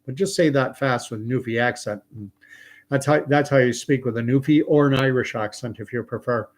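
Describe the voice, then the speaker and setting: A man's voice: medium pitch, fairly quick. Chatty man hosting a live stream. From Canada. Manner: chatty, reads viewer comments aloud, thinks out loud. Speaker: livestream host. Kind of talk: casual live-stream commentary.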